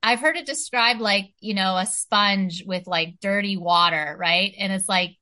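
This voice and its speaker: A woman's voice: mid-range voice, a little slow, bright, forceful tone. A woman talking earnestly in a casual spiritual chat, full of "you know" and "like".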